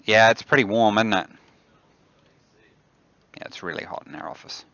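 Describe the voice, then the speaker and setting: A man with a New Zealand accent gives unhurried commentary on a live dev stream, muttering and thinking aloud as he works. His low voice is gravelly, and the sound is dry and a little dull and lo-fi. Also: steady tone, bright, forceful tone, dry recording. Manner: mutters to himself, thinks aloud while building. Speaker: game developer hosting a dev stream. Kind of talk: casual livestream commentary while demoing a game. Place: office.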